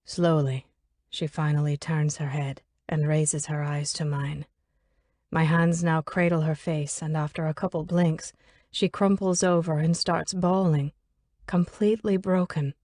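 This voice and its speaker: A woman narrating an audiobook in a steady, measured reading, recorded close on a studio mic. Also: sits low, dry recording.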